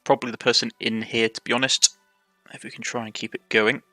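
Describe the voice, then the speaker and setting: A man's voice: mid-range voice, level tone, brisk, sharp tone, no room sound, faint music behind. A man with a Cornish accent playing a game, reading its text aloud and commenting as he goes, often stumbling and correcting himself. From Cornwall, England. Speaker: let's play host.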